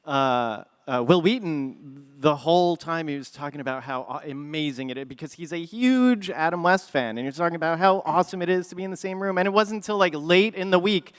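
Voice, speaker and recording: Male panelist, smooth dry voice, rambling, halting delivery. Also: fairly high pitch, no room sound. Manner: rambling, halting with many fillers. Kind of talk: casual panel anecdote.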